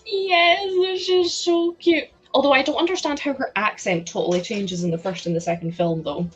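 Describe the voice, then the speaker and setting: A young woman hosting a live stream, chatting excitedly and laughing as she builds a toy set. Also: lowish voice, fast talker, breathy edge, lo-fi sound, faint music behind. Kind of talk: casual chat while building a toy set.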